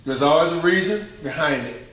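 Male pastor, sermon, emphatic, colloquial, repetitive, slightly high voice, very echoey church. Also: brisk, a bit bright. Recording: very echoey hall, faint noise.

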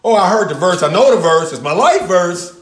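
Emphatic pastor teaching slowly in an echoey room. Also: male voice, sits high, lively intonation. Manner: emphatic, repeats key words slowly with long pauses; talks with the audience, answers their replies. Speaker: pastor teaching a Bible study. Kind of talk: sermon-style Bible teaching.

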